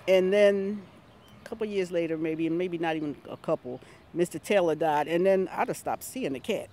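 A woman's voice: mid-range voice, a little hiss or hum. Woman, gardener, chatty, laughing anecdotes, outdoors, casual interview. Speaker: longtime community gardener.

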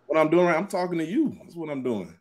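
A man calling into a live dating show, smooth-talking and laid-back as he flirts. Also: fairly high pitch, big pitch swings, quick pace, a little mellow. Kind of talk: casual flirting chat.

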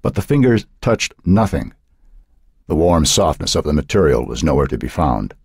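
A man narrating an audiobook in a dark, suspenseful reading style. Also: very deep voice, sing-song, normal speed, gravelly, husky, dry recording, clean studio sound. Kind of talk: scripted narration.

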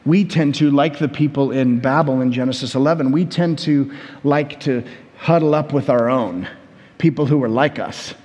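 A man with an American accent preaching a sermon as a pastor, telling stories in a conversational, animated way with many repetitions. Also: mid-range voice, big-room sound. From United States.

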